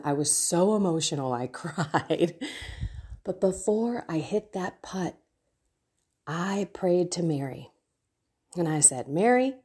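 Husky, earnest woman podcast host. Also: lowish voice, dark tone. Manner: earnest, personal, exhorting listeners. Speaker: podcast host and faith coach. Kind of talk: casual devotional podcast talk.

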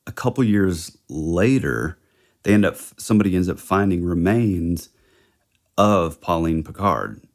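A man with a low voice chats casually on a podcast. He thinks aloud as he goes, hesitating and filling pauses with "like" and "you know.". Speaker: podcast co-host. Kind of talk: casual chat.

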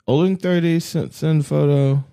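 A man's voice: a little high, steady tone, normal speed, gravelly, dark tone, clean tone. A young man co-hosting a podcast, chatting casually and joking with frequent laughter. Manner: jokey, laughs often, wisecracking. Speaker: podcast co-host. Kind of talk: casual chat.

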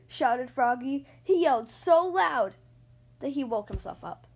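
With a high, husky voice and an unhurried pace, a podcast host reads a kids' picture book aloud. Her delivery is expressive and sing-song, like a storyteller's.

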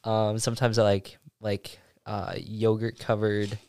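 Young male guest, low smooth voice, rambling, dry close sound. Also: completely flat delivery, measured pace, a little mellow, no room sound. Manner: rambling with many fillers. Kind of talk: casual chat.

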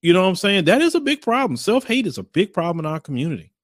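A man's voice: high voice, very animated, fast, no echo, clean studio sound. A man hosting a casual commentary show and talking bluntly to viewers. He rambles, repeats phrases and slips into mocking voices.

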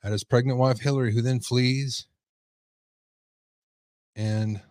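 A man's voice: mid-range voice, fairly even intonation, slow pace, darkish tone, no echo, clean studio sound. A man hosting a livestream commentary show, talking casually and rambling as he reads viewer comments. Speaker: host.

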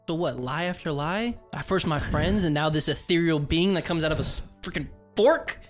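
A man's voice: a little high, moderate pace, faint music behind, lightly acted. A man voicing his exasperated adventurer character in a tabletop game, speaking with indignation. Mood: indignant.

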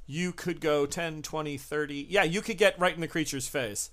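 Animated male game master. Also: fairly high pitch, moderate pace. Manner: lively, acts out lines in shouts. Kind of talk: narrating a tabletop horror game.

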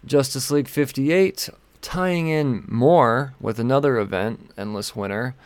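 A man's voice: mid-range voice, a little slow, no room sound. A man hosting a comic book podcast on his own, talking loosely and profanely as he rambles through the week's releases between sips of vodka. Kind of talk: casual solo podcast rundown.

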